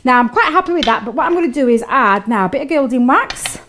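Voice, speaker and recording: A woman with a fairly high voice that swoops up and down with lots of life. She chats and giggles while demonstrating a craft technique on a live shopping show, talking to her co-host as she works. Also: lively intonation, fast talker, fairly bright tone, a little hiss or hum. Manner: chatty, giggly, talks to co-host while working.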